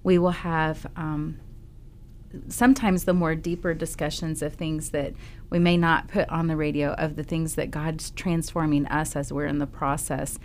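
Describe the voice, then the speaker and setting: A woman's voice: low-pitched, flat delivery, normal speed, a little mellow, a little hiss or hum. A woman hosting a Christian talk radio show, chatting and telling stories with frequent ums. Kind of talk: casual faith talk on radio. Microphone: studio microphone.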